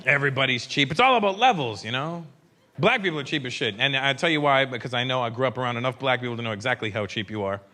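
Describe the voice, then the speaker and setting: A Canadian man performing stand-up on stage, animated and mocking, dropping quickly into impressions. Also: mid-range voice. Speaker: stand-up comedian. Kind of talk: stand-up comedy set. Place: comedy stage before live audience. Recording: live club with crowd noise. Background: audience murmur and laughter.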